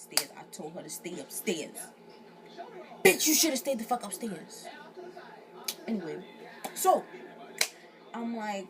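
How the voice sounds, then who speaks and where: A woman's voice: medium pitch, unhurried, long pauses, a crowd in the background. Young woman telling a slangy story. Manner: animated, slangy, profane, acts out quotes. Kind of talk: casual storytelling.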